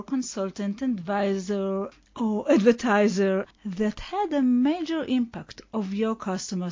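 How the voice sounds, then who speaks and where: A woman hosting a podcast interview, asking long, measured questions. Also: medium pitch, dark tone, dry recording, dull audio. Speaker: podcast host.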